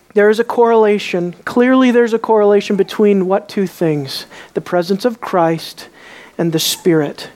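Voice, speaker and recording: A woman gives a sermon, asking her congregation rhetorical questions. Her voice swings from hushed, low asides to raised exclamations.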